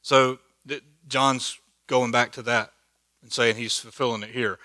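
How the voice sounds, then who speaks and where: A man's voice: mid-range voice, fairly even intonation, unhurried, pushed and bright, no room sound. A man teaching a church Bible study in a conversational, joking way, laughing at his own asides. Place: church hall.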